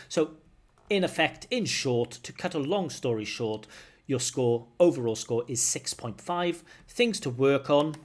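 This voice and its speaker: A man's voice: medium pitch, a little mellow. A man giving spoken exam feedback as a language examiner, talking conversationally and explaining step by step.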